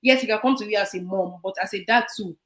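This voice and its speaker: A woman co-hosting a casual panel talk, answering a co-host in measured terms. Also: medium pitch, a bit bright. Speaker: podcast co-host.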